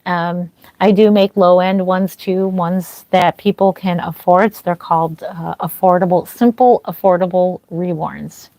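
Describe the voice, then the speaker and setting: A woman with a fairly low, dark voice hosts a livestream from her home nursery as a reborn doll artist, chatting with viewers and thanking them by name. Her tone is steady and her pace measured, with hardly any pauses, though she uses lots of fillers and her throat sounds slightly dry. She wears a microphone, and there's no room sound.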